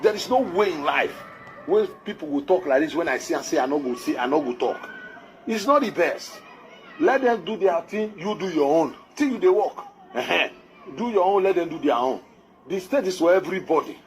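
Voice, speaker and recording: A man's voice: a little high, expressive, normal speed, soft background music. Emphatic Nigerian man scolding politicians. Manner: emphatic, scolding, repeats his points. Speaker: political commentator. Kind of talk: livestream political commentary.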